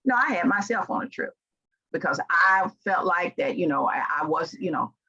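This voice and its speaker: A woman's voice: fairly low pitch, normal speed, husky, dull audio. A woman in her sixties with a Southern American accent, giving an earnest, emphatic motivational talk as a keynote speaker. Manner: earnest and emphatic, with rising animated stretches.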